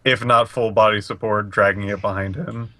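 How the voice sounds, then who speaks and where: A man's voice: lowish voice, steady tone, normal speed, sharp tone, no room sound. Male player, plain and matter-of-fact, dry sound. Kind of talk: describing his character's actions.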